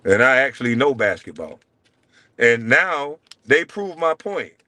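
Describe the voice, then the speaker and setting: A man's voice: sing-song, unhurried, no echo. Brash, profane man ranting. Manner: profane, taunting, swings from loud jabs to low mutters. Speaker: show host. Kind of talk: heated solo rant.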